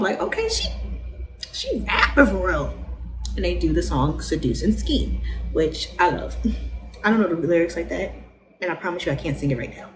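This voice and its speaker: A young adult woman recapping a TV episode in a casual, slangy way, laughing often and animated. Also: mid-range voice, background noise. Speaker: vlogger reviewing a TV show.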